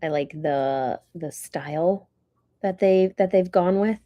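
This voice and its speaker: A woman's voice: on the low side, slow pace, lo-fi sound. A woman hosting a casual livestream from home, chatting and rambling to viewers while eating dinner. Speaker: livestream host.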